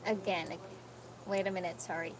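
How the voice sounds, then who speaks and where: A woman's voice: fairly low pitch, flat delivery, normal speed. A woman teaching English live online, patiently coaching a student's reading and correcting it. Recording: noisy background.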